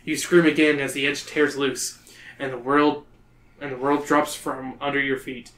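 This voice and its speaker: A man's voice: mid-range voice, flat delivery, normal speed, fairly bright tone. Male host reading a kids' book aloud, playful, roomy echo. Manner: playful, breaking into laughter.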